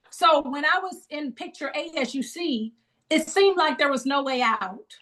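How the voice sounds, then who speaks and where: A middle-aged woman who leads a grief ministry guides a support group over a video call, encouraging people with preacherly call-and-response. Her voice is high, expressive, and fairly bright, at a moderate pace.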